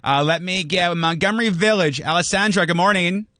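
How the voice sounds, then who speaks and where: A man hosting a morning radio call-in show, reacting loudly and moving fast between callers. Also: high voice, dry recording. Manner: upbeat, reacts loudly, quick caller hand-offs.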